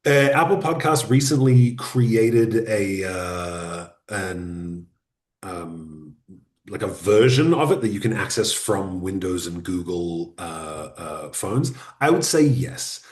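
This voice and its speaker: A man as guest on an online webinar interview, explaining podcasting in a relaxed, practical way. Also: low voice, takes it slowly, roomy sound. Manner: relaxed, explanatory advice-giving.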